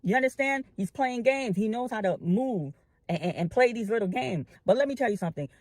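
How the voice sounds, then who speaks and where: A woman's voice: a little high, lively intonation, darkish tone, dry recording. Woman commentator, impassioned, filler-heavy, repetitive, dry recording. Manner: repeats phrases, many drawn-out "um" fillers; addresses the audience as family. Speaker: online commentator and filmmaker. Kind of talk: impassioned address to online followers.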